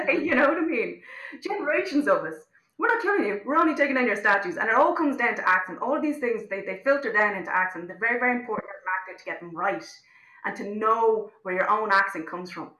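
Impassioned Irish woman, bright echoey voice. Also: medium pitch, fast talker. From Ireland. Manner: impassioned and outspoken, many restarts. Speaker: interview guest, actor-director. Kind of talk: casual interview chat.

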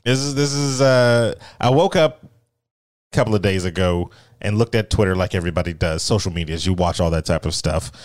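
Low, smooth-voiced man chatting. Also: normal speed, dry recording. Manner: laid-back, rambling, reads out an article. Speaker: podcast co-host. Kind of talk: casual chat.

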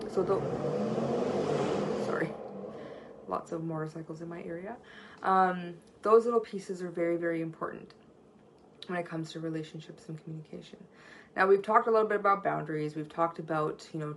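Woman presenter, low gravelly voice, earnest conversational seminar style, faint street noise behind. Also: fairly even intonation, normal speed, poor audio. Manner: earnest, storytelling, frequent "right?" tag questions. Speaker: workshop presenter on communication. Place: at home near a street.

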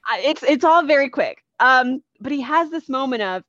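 This podcaster has a high-pitched voice and a moderate pace, and she hardly pauses as she animatedly retells a comic book story, acting out each character's lines. The recording is lo-fi with no room sound.

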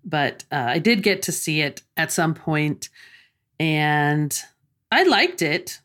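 A middle-aged woman co-hosting a podcast with her son, chatting in a relaxed, reminiscing way. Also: sits low, slow. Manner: relaxed, reminiscing, easy laughter. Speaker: podcast co-host. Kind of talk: casual podcast chat.

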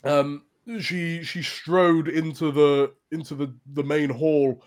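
A man's voice: fairly high pitch, flat delivery, slow pace. A man narrating a tabletop game as game master, hesitant, with many fillers and restarts.

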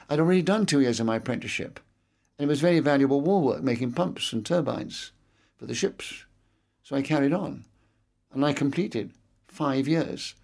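Older English man with a gravelly voice. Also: mid-range voice, darkish tone. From England. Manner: expansive, anecdotal, fond of digressions. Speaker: interviewee. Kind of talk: reminiscing interview talk.

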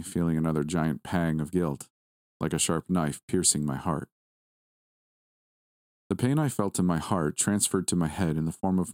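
A man reading a first-person horror story aloud at a steady, measured pace. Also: sits low, dry recording, clean studio sound. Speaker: story narrator.

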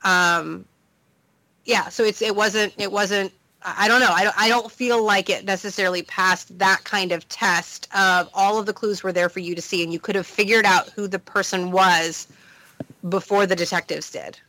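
Woman cohost, kinda hesitant, lots of ums, bright voice, dry close sound. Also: medium pitch, fairly even intonation, normal speed, no echo, poor audio. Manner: hesitant, thinking aloud. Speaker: podcast co-host. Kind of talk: casual discussion.

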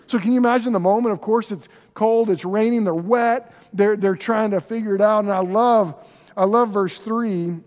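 A man preaching a sermon as pastor, telling stories in an animated, conversational way. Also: sits high, moderate pace. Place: church sanctuary. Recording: long reverb of a large hall.

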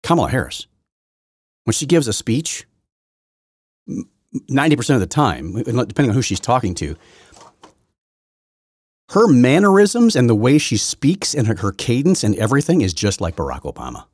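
A man hosting his own podcast from his basement, rambling through a political rant that swings from loud outbursts to low muttering, with many restarts. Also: very animated, moderate pace, long pauses, slightly rough, no echo, studio quality. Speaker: podcast host. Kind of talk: solo political commentary rant. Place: home basement.

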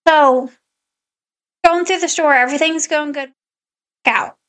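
A woman's voice: high-pitched, measured pace, a bit bright. A woman podcast co-host in casual chat, animatedly telling a story and acting out her own quotes.

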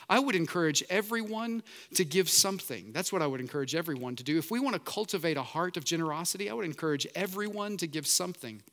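A man's voice: sits high, a bit bright. A man preaching a sermon as pastor, earnest and building emphasis through repetition.

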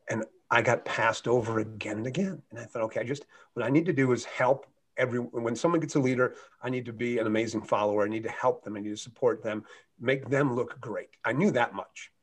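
A middle-aged man from the United States, a guest speaker telling a motivational story with earnest, animated delivery. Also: medium pitch, breathy edge. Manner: earnest, animated anecdote with shifting loudness.

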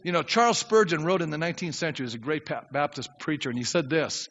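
An older man preaching a sermon as pastor, acting out prayers and swinging from quiet asides to shouts. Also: fast, hardly any pauses. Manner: animated preaching, acts out prayers, drops low then shouts. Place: church sanctuary. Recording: dull reverberant church recording.

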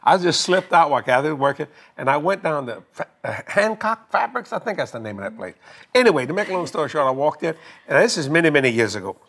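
An older man casually telling a long story, animated and laughing as he acts out both sides of a conversation. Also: on the high side, quick pace. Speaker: guest telling a marriage story.

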